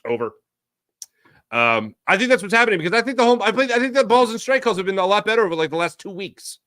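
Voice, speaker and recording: This postgame baseball host has a high-pitched voice and a quick pace. He talks sports casually while reading his live chat, animated and emphatic, repeating things for effect, all captured in clean studio sound without echo.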